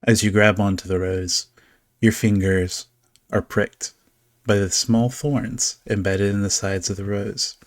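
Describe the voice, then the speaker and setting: A man with a lowish voice narrating a tabletop game as its game master. He describes scenes at length, with loose fillers between his phrases. The recording is dry and close. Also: steady tone, unhurried, dry recording. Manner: descriptive storytelling with casual fillers.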